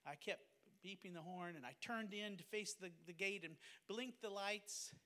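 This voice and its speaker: A man's voice: high-pitched, normal speed, bright, forceful tone, in a large hall. A man, a pastor and missionary, earnestly telling a personal testimony in a fervent, emotional way. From United States.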